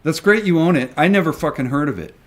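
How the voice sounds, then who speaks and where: A man's voice: a little high, expressive, fast. A man who invests in stocks, talking to his viewers in a video. He rants emphatically, repeats himself and swears often. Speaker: retail stock investor vlogger. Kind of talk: ranting video commentary.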